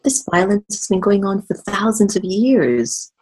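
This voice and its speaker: A woman speaking as a spiritual guest in a conversational interview, earnest and animated. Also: mid-range voice, a little slow, husky, low-quality recording.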